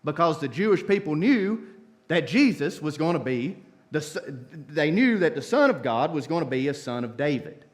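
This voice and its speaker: A preacher man delivers a sermon in a church, his voice swinging up and down with lively energy. He talks in a folksy, storytelling way, dropping casual asides to the congregation. His voice sits a touch high for a man. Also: moderate pace. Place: church sanctuary.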